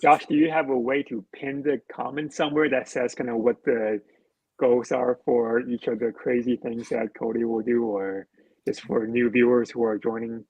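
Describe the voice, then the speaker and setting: Husky man's voice, mid pitch, dull lo-fi call audio, hesitant with fillers. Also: level tone, normal speed, darkish tone, no echo. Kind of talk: casual livestream chat.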